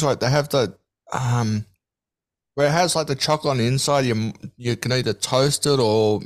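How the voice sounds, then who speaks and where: A man's voice: medium pitch, moderate pace. A man in casual chat, tasting snacks with friends and laughing often. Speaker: snack taster.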